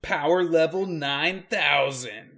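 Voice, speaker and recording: A man's voice: fairly high pitch, slow pace, a bit bright. A man co-hosting a podcast, a preacher who chimes in with short, wry remarks in casual chat. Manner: wry listener with short joking replies.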